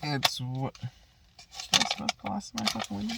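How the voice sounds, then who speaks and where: A woman's voice: medium pitch, expressive, brisk, gravelly, heavy background noise. A woman vlogger in a casual, profanity-heavy rant, talking frustratedly while smoking at home.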